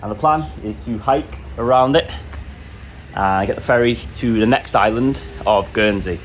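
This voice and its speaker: A man narrating a travel vlog and talking to camera while hiking outdoors, in a relaxed, chatty and enthusiastic way. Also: fairly low pitch, normal speed, slight background noise. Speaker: hiking vlogger. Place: outdoors on a coastal hike.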